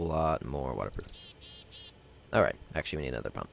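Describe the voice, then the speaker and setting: Gravelly low-voiced man narrating gameplay. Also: lively intonation, quick pace, a little hiss or hum. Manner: rambling, self-mocking, talks to himself while crafting. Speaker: let's play gamer. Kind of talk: casual gameplay commentary.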